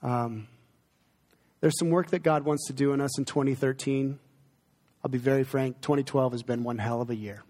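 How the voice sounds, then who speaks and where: A man's voice: medium pitch, fairly even intonation, normal speed, a little mellow. A middle-aged male pastor taking questions from his congregation in a church sanctuary, earnest and conversational, turning emotional at times. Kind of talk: sermon Q&A with congregation. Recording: long hall reverb.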